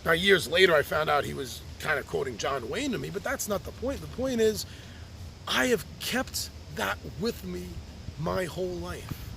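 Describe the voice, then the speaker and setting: Guy reading a personal open letter on his podcast, fairly high voice that swings up and down a lot, heartfelt. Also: animated, moderate pace, creaky, fairly bright tone, a little hiss or hum. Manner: heartfelt and reflective, with a few repeated restarts. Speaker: podcast host writing to his birth mother.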